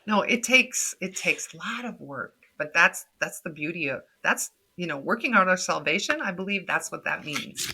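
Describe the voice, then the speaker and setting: Animated, breathy middle-aged woman. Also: lowish voice, moderate pace. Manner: laughs often, animated quoted voices. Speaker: guest. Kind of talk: casual podcast conversation.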